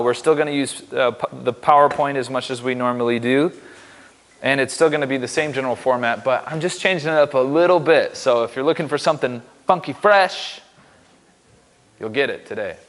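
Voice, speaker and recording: A man's voice: mid-range voice, moderate pace, fairly bright tone, long reverb tail. A man giving a casual, upbeat sermon in a church, joking and poking fun at himself. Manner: upbeat, joking, self-deprecating. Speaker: pastor.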